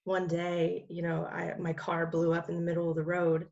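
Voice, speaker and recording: A woman's voice: lowish voice, completely flat delivery, normal speed, gravelly, a little mellow, muffled recording. A woman, a guest in an interview, sharing a personal testimony in a rambling way with many fillers and restarts.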